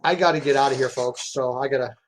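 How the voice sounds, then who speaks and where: A man's voice: mid-range voice, fast, crowd noise. A man in casual chat on a poker stream, rambling with many restarts.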